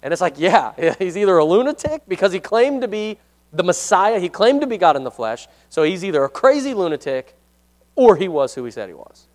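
A man's voice: high voice, sing-song, a little fast, darkish tone. A man leading a casual Bible study for a congregation, chatty and self-deprecating, often asking the room questions and reading verses aloud.

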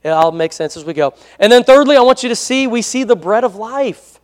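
Male pastor, high voice, chatty sermon, asks for amens, reverberant church hall. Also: expressive, fairly quick. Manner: conversational preaching with frequent amen prompts.

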